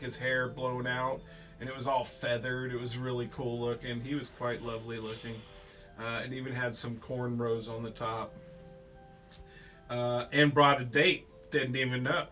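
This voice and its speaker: A man's voice: mid-range voice, sharp tone. A man telling a child an improvised bedtime story, playful and rambling, with silly sound effects. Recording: distant mic with faint music.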